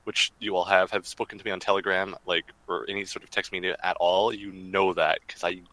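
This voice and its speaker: A man's voice: low-pitched, level tone, fairly quick, bright, forceful tone, dry recording, poor audio. A man in a casual group podcast, chatting openly with friends.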